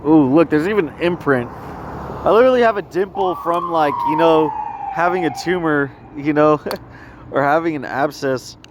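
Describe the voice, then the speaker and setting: A man rambling through a personal story in a halting, repetitive vlog, often trailing off and restarting. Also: on the high side, noisy background. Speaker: vlogger.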